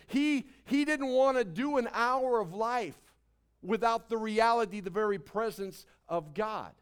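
Pastor guy, kinda high voice, goes soft then loud, animated sermon. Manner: animated preaching, swinging from soft asides to loud emphasis.

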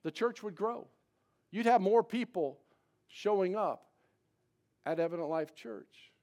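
A male pastor delivering a live sermon to his congregation, swinging between loud emphatic preaching and quiet confiding asides, often restarting and repeating words. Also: high voice, unhurried. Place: church before a congregation.

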